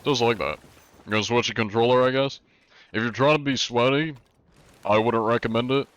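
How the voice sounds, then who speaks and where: A man's voice: mid-range voice, brisk, fairly bright tone, smooth, lo-fi sound. A young man streaming a game live, rambling casually, swearing often and laughing at his own tongue slips.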